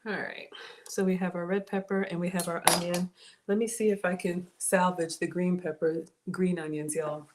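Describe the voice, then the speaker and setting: In a noisy phone livestream, a woman cooking in her kitchen chats casually and greets her viewers by name. Her voice is on the low side, with fairly even intonation and a moderate pace, and a cell phone and tablet serve as the microphone.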